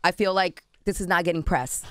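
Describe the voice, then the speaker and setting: A woman's voice: on the low side, fairly even intonation, a little fast, clean tone, dry recording. A woman radio host in a studio, asking pointed, probing questions into a microphone. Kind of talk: radio interview talk. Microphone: studio mic.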